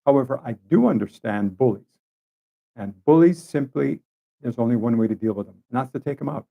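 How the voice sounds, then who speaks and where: A man's voice: medium pitch, a little fast, gravelly, narrow, tinny audio. A man hosting his own show, telling stories in a casual, conversational way with asides to his listeners. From Canada. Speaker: podcast host. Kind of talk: casual monologue storytelling.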